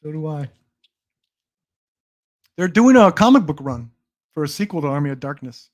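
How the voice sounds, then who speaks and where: A man's voice: a little high, animated, normal speed, a little mellow. Rambling young man chatting on a stream. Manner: rambling, restarts, swears, laughs often. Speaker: stream host. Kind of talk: casual livestream chat.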